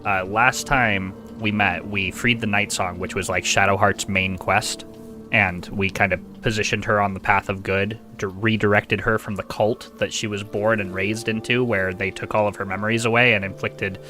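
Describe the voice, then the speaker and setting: A man's voice: fairly low pitch, fairly even intonation, moderate pace, bright, forceful tone, soft background music. A man streaming a video game, chatting casually with a wry, self-deprecating manner into a desk microphone.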